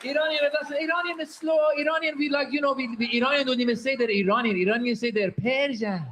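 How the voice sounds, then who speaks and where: A man doing an animated stand-up routine, laughing as he talks and slipping into mock accents. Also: extremely high pitch, fast, noisy background. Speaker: stand-up comedian.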